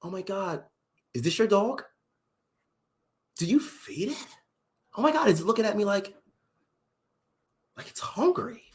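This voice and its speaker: A man's voice: sits high, gravelly, full character voice. A man voicing a nervous, gushing young woman who half-whispers and gasps. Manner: breathless, gasping, half-whispered.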